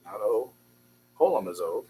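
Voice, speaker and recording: A man's voice: lowish voice, lively intonation, unhurried, dark tone, slightly rough, poor audio. A man teaching a beginners' Hebrew class, patiently drilling syllables and encouraging his students. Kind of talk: classroom language lesson.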